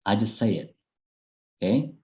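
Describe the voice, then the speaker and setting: A man's voice: fairly low pitch, expressive, moderate pace, low-quality recording. Indonesian-accented man giving a chatty online talk. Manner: chatty, fillers and restarts, laughs often. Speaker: guest speaker. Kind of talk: online public speaking talk. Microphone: video call.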